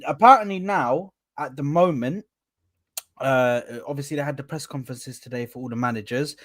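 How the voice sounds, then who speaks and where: A young man hosting a casual football podcast, rambling and animated, swearing freely. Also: mid-range voice, normal speed, dry recording, studio quality. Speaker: podcast host.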